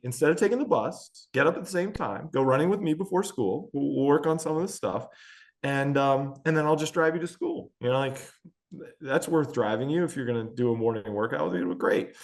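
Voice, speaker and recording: Lively, candid middle-aged athlete. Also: male voice, fairly high pitch. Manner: candid, self-deprecating, many fillers. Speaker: veteran endurance athlete and pilot, guest. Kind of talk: casual storytelling in a podcast-style interview.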